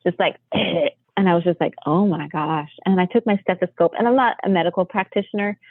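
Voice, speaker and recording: A woman from the United States, a podcast guest, telling family stories in a lively way, often laughing and acting out what people said. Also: fast, no echo. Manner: animated, acts out quotes with big pitch jumps, laughs often. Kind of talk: storytelling in casual chat. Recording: tinny phone-line audio.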